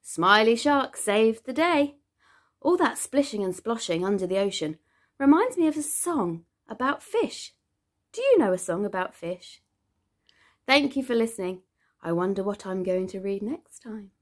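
A woman teacher reading a picture book aloud to young children in a sing-song, expressive storytelling manner. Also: medium pitch, a little slow.

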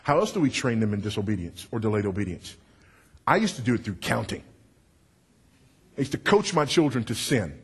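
A husky, slightly breathy male preacher with a big voice delivers a sermon. He speaks emphatically and wryly and works the crowd. His voice swings from loud to low. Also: very animated, fairly quick, pauses often. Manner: confessional and wry, working the crowd.

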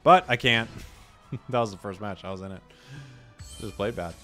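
A man's voice: on the low side, normal speed, soft background music. A man giving casual, joking commentary while playing a video game, ranting at teammates. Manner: joking, animated, rants at teammates. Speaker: gaming streamer.

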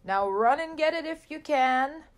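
A woman's voice: high-pitched, expressive, measured pace, pitched above the performer's own voice. A woman voicing a man who taunts and calls out in a read-aloud picture book. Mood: taunting. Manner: taunting, calling out. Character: teasing man calling out.

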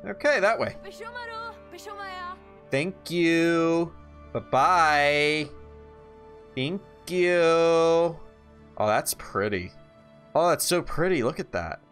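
Excitable young-sounding man playing games. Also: a little high, drawn-out words, long pauses, clear, resonant tone, soft background music. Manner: reactive, swings from calm musing to excited shouts. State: tired, yawning. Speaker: gaming YouTuber. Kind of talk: casual let's-play commentary.

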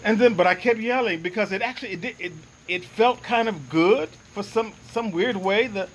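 A high-voiced man at a moderate pace earnestly tells a first-person story of his own experience as a guest. He pauses to reflect and find the right words, over slight background noise in a rough recording.

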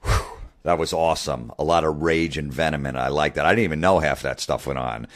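A man's voice: very deep voice, a little fast. A man hosting a podcast in casual, blunt talk, swearing often and getting fired up, with lots of fillers. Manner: blunt and heavily profane, with many fillers; excitable, gets fired up. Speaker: podcast host.

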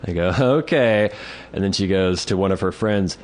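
A man's voice: sits low, moderate pace. A man co-hosting a podcast, telling a story in casual chat, acting out quotes and swearing freely. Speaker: podcast co-host.

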